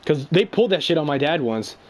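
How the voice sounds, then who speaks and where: A man's voice: a little high, lively intonation, fast. A young man angrily venting to a friend, swearing and rambling through a story. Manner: angry, profane, rambling storytelling. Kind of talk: casual rant on a call.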